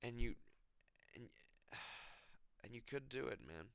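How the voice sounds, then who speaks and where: A young man vents about a fight, exasperated and profane, looping back over the same phrases. His voice is bright and crisp. The sound is dry and close. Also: medium pitch, animated, takes it slowly, no echo. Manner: exasperated, swearing, repeating himself. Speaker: MMA commentator. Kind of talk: emotional rant. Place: his apartment.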